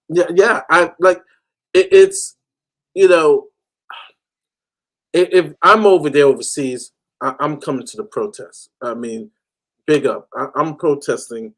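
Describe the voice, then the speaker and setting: A man from the United States ranting animatedly as a football fan panelist. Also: a little high. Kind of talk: casual fan chat.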